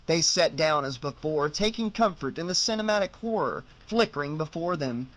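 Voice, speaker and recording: A man narrating a horror novel audiobook in a measured, dramatic storytelling manner. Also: fairly high pitch, lively intonation, fairly bright tone. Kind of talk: scripted narration.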